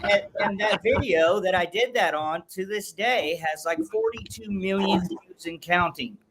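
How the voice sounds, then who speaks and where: A man's voice: high voice, measured pace, heavy background noise. A man who trains and breeds dogs, telling a long story in a podcast interview with many restarts. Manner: rambling, with frequent restarts. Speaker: guest dog trainer and breeder. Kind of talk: casual storytelling.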